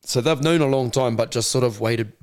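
A New Zealand man in his forties talks fast and unfiltered as a podcast guest. He swears casually, repeats words while he gathers his thoughts, and slips into other people's voices when he retells a story. His voice sits at an ordinary middle pitch. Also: a little mellow, no echo, studio quality. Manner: blunt, swears freely, repeats words as he restarts. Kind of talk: candid conversational storytelling.

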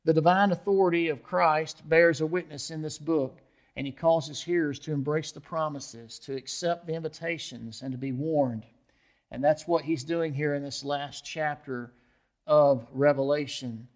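A man's voice: fairly high pitch, steady tone, moderate pace. A man preaching an expository sermon as pastor, often asking the listeners questions and checking in with them.

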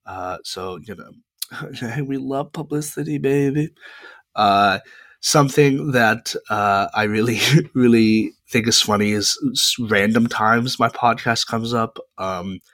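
A man in his twenties hosts his own podcast alone, talking in a chatty, rambling way with frequent pauses into a close mic. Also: mid-range voice, fairly bright tone, no room sound. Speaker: podcast host. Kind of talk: casual solo podcast monologue.

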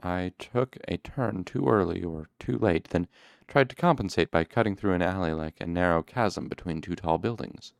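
A man reading a novel aloud in the first person, with measured, steady storytelling. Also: low-pitched, creaky, dry recording, studio quality. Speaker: audiobook reader.

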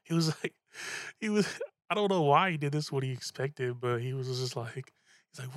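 A young man from telling a story in a casual, profane, animated way, often repeating himself. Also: on the high side, fairly quick, no echo, clean studio sound. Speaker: podcast host.

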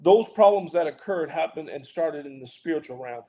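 A man's voice: a little high, animated, moderate pace, warm tone. A man co-hosting a casual Bible talk show as pastor, talking earnestly with lots of restarts and preacherly emphasis. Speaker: pastor and co-host.

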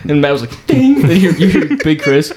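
A young man telling a story in casual podcast chat, animated and acting out the people in it. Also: on the high side, quick pace. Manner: animated storyteller, does voices of people in his stories. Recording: roomy echo with noise behind.

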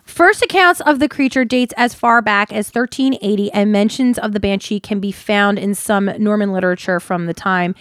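A woman co-hosting a casual podcast chat, giggly and quick to exclaim as she retells spooky folklore. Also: medium pitch, a bit bright, no echo, studio quality. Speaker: podcast co-host.

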